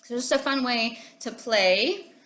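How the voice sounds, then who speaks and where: A woman's voice: a little high, lively intonation, measured pace, a bit bright, echoey room. A woman teacher giving a phonics lesson to young children and their parents, coaxing and encouraging, often checking in with "okay?". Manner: encouraging, sing-song teacher talk with frequent "okay?".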